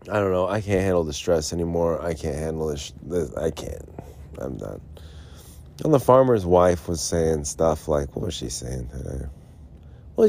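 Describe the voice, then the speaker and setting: Low, dark-voiced man ranting. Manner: frustrated, mumbling, repetitive. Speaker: podcast host. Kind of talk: rambling solo podcast rant. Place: Arizona.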